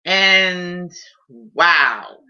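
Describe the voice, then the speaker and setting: Slow, heartfelt woman on lo-fi stream. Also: fairly low pitch, expressive, bright, forceful tone. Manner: emotional, heartfelt storytelling. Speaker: live-stream host. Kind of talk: casual personal live stream. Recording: dull lo-fi stream audio.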